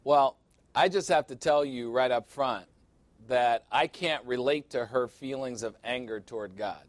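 A man's voice: medium pitch, measured pace, dry recording. A man speaking as a pastor, giving a short recorded Bible lesson in an earnest voice that addresses the viewer directly.

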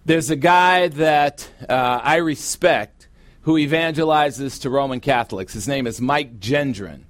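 A middle-aged man preaching a sermon as pastor, with emphatic, drawn-out stresses. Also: medium pitch, no room sound. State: sweating, warm from preaching. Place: church sanctuary.

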